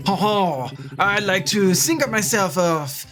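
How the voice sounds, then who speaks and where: A streamer voicing a flamboyant male shopkeeper in a game, with a put-on French accent and a theatrical, airy delivery, heard over soft game music. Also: medium pitch, animated, unhurried. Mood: showy.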